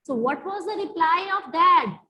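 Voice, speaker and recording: A woman's voice: very high-pitched, animated, dull audio, slight background noise. A woman, teaching a class and explaining the meanings of words again and again. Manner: repetitive, explaining meanings slowly. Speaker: English teacher. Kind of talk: classroom lesson explaining a story.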